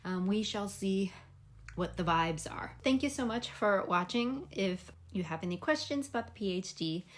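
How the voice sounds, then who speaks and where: A woman's voice: mid-range voice, lively intonation, moderate pace. A young adult woman chatting casually as a vlogger about her weekend, rambling and snacking as she talks. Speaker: PhD student vlogger. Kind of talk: casual vlog chat.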